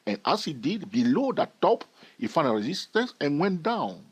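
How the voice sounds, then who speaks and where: A man's voice: a little high, big pitch swings, normal speed, breathy edge. A man giving a trading lesson over price charts, emphatic and repeating key phrases. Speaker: trading educator.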